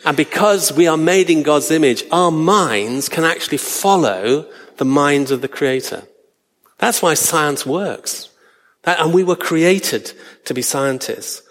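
A man preaching a sermon, earnest and slowing down for emphasis. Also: a little high, a bit bright, long reverb tail.

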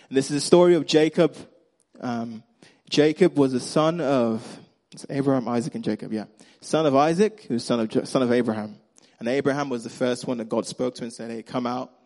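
A man's voice: mid-range voice, brisk, mellow. A man preaching a sermon to a congregation in a casual, humorous way, addressing listeners directly. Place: church service.

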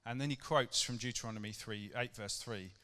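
A middle-aged man's medium-pitched voice sounds bright and forceful, moving fairly quickly as he delivers a chatty, casual sermon to his church. He asks the congregation rhetorical questions, and the church hall adds a long reverb.

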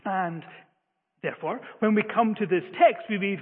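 High-voiced preacher in an echoing hall. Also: male voice, moderate pace, slightly rough. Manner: earnest, emphatic, stumbling restarts. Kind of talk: sermon. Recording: phone-like, long-reverb hall.

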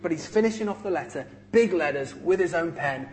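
A man's voice: sits high, lively intonation, fairly quick, few pauses, a little mellow. A man preaching a sermon to his congregation, emphatic and conversational, explaining scripture with everyday examples.

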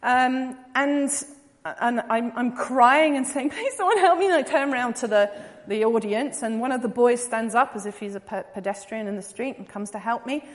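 A woman's voice: a little high, steady tone, normal speed. Earnest woman telling a story in a reverberant hall. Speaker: psychodrama practitioner giving a talk. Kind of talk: storytelling talk.

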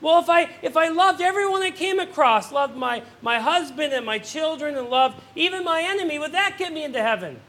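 A woman's voice: high-pitched, animated, fairly quick, few pauses, a bit bright, pitched above the performer's own voice. A man doing an eager Sunday school teacher. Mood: coaxing.

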